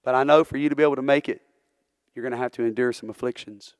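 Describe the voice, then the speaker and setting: A man's voice: medium pitch, steady tone, fast, no echo, clean studio sound. A male preacher delivering a sermon in church, earnest and full of rhetorical questions, building into fervent preaching. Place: church sanctuary.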